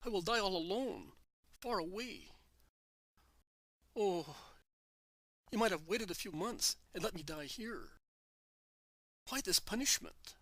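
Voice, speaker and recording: A man's voice: high-pitched, sing-song, slow pace, long pauses, sharp tone, no echo, full character voice. A man voicing a sobbing, desperate old teacher. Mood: desperate pleading. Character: old male teacher, weeping, desperate and pleading.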